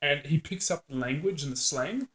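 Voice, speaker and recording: A man's voice: a little high, normal speed. A man with an Australian accent in casual chat, laughing often and swearing freely. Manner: laughs often, animated and profane. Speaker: co-host. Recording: roomy echo.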